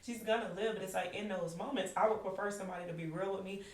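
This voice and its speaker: Here a woman in her thirties, a guest on a podcast, recounts her caregiving experience candidly and emphatically, frequently starting over and repeating herself. Her mid-range voice stays steady and moves at a quick pace. The sound is echoey, picked up by a distant microphone.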